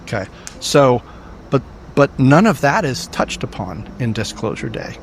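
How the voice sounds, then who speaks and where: A man chats casually on a podcast, thinking aloud and hedging his ideas. His voice sits at an ordinary middle pitch. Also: big pitch swings, unhurried, slight background noise. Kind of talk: podcast conversation.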